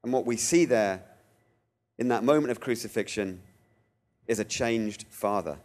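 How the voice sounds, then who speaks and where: A man giving a theological talk, telling stories with animated delivery and acting out quoted voices. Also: on the low side, a little slow. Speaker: guest speaker.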